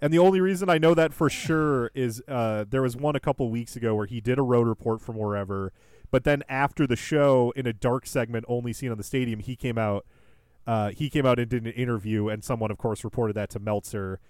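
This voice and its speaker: A man's voice: medium pitch, fairly quick, a little mellow, clean tone, dry recording, studio quality. A man co-hosting a podcast, joking and laughing often in casual chat. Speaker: podcast co-host.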